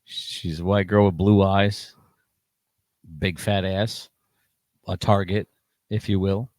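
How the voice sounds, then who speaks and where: Guest, man, very low voice, loose rambling storyteller, dry close sound. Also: flat delivery, slow, darkish tone, no echo. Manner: rambling, crude anecdotes, dropping low at times. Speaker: podcast guest. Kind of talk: casual chat.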